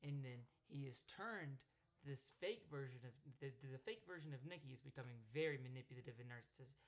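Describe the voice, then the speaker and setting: A man hosting a casual movie breakdown, excitable and rambling, with many fillers, restarts and bursts of swearing for emphasis. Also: medium pitch, a little fast. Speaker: host.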